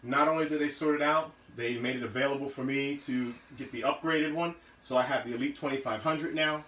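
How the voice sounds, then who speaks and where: A man's voice: medium pitch, fairly even intonation, fairly quick, fairly bright tone, roomy sound, slight background noise, rough recording. A man casually showing car parts in his garage, talking loosely with many fillers and restarts. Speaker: car build vlogger.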